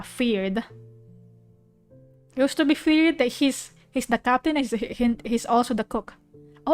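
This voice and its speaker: A young woman vtuber chatting casually about an anime she is watching, rambling and emotional with frequent restarts. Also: a little high. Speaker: vtuber streamer. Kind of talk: casual chat reacting to an anime. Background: soft piano music.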